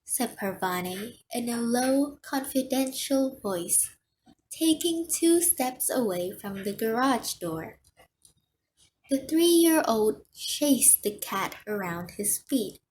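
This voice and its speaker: A woman reading an audiobook aloud in a slow, expressive manner. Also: fairly high pitch, slight background noise. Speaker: audiobook reader. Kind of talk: audiobook narration.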